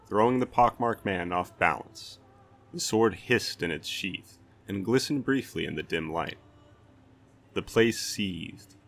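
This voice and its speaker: A man reading a fantasy novel aloud as a storyteller, in steady dramatic narration. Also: fairly low pitch.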